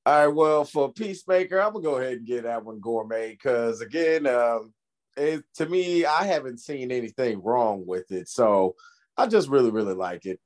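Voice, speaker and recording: Animated man chatting on a podcast. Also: mid-range voice, normal speed. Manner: animated storytelling with voiced impressions. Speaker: podcast co-host. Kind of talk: casual chat.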